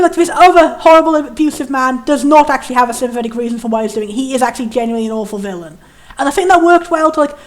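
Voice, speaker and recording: A woman giving a casual, rambling spoken critique of a game, sarcastic and laughing often, dipping into quick voices for the characters. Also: high-pitched. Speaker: game reviewer.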